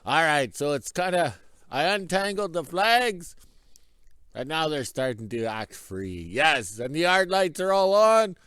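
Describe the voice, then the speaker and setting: A man with a hoarse, worn-out voice, talking into his phone outside on a winter yard. He rambles along with dry self-mocking jokes. His voice sits a little high and sounds close and dry. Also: sing-song, a little slow, fairly bright tone, no room sound. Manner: rambling, jokey, self-deprecating. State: hoarse, lost voice. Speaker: vlogger. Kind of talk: casual vlog narration. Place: outdoors in winter on a rural yard.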